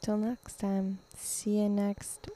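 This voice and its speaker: A woman's voice: mid-range voice, monotone, slow, warm tone. A woman co-hosting a podcast in an easygoing way, chiming in and agreeing with her partner. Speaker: podcast co-host. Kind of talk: casual chat.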